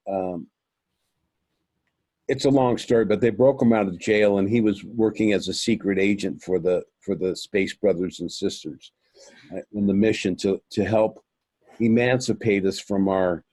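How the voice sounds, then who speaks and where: Earnest, rambling man with a mellow voice. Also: lowish voice, dry recording. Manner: rambling, many fillers and restarts; earnest, addresses listeners as folks. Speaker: interview guest. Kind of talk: recounting a personal experience.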